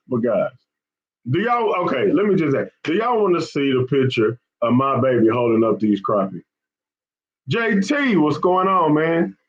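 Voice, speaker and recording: A man's voice: medium pitch, lively intonation, a little slow. A chatty man hosts a fishing live stream, with a mid-range voice. He keeps repeating "man" and "y'all" as he rambles to his viewers. The audio is a bit dull and lo-fi. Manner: chatty, repetitive, often says man and y'all. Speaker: fishing channel host.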